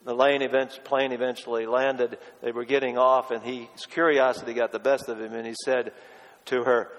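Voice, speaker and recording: A male pastor preaching a sermon, pressing hard on key words and dropping to a hush for quotes. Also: medium pitch, little pitch movement, moderate pace, long reverb tail, low-quality recording. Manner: emphatic, swinging from loud stresses to hushed quotes.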